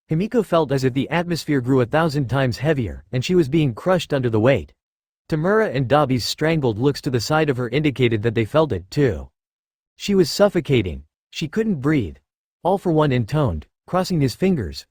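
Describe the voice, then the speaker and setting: A man narrating a fan-fiction audiobook with expressive storytelling. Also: mid-range voice, normal speed, no room sound, clean studio sound.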